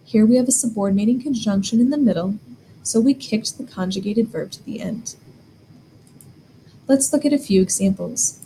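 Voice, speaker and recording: A woman's voice: on the high side, normal speed, dark tone, slight background noise, poor audio. A woman teaching a German grammar lesson, explaining step by step and asking the learner questions.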